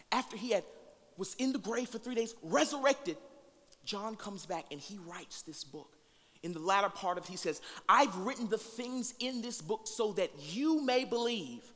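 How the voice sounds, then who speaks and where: A man preaching to a congregation in a high, bright, forceful voice. He is animated, swinging from quiet asides to loud calls and drawing answers from the crowd. His voice rings with a long reverb through a large hall. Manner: animated, with big swings in loudness and call-and-response with the congregation. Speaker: pastor. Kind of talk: sermon.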